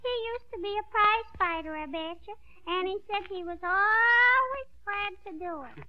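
Brief: woman playing a pert little girl, piping high voice, old radio sound. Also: moderate pace. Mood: cheeky. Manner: repeats "I bet you", cheeky and matter-of-fact. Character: chatty little girl waiting at box office. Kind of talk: 1940s radio comedy acting. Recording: dull old radio recording.

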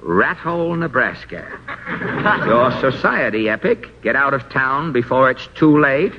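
An actor playing a pompous, wordy Hollywood studio boss, in 1940s radio comedy. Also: male voice, medium pitch, expressive, unhurried. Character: pompous middle-aged Hollywood studio chief. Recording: muffled old radio recording with faint hiss.

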